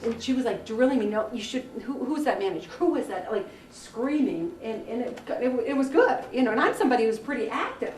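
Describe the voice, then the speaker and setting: A woman leading a career workshop for a group, telling anecdotes in a chatty, animated way. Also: on the high side, a little fast, hardly any pauses, a little hiss or hum. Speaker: workshop leader. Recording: echoey room from far off, faint ambience.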